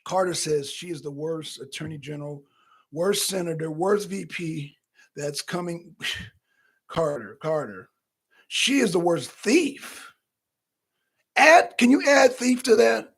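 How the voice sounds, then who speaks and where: A man hosting a political talk livestream, animated and repetitive, calling out viewers in the chat. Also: a little high, takes it slowly, long pauses, husky. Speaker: talk show host.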